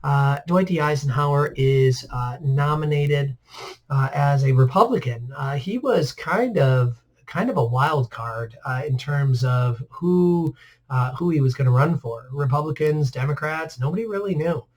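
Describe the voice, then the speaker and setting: A man teaching a recorded history lesson in a relaxed, conversational way, filling pauses with frequent "uh"s. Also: a little high. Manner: relaxed, many "uh" fillers, conversational asides. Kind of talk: recorded class lecture over slides.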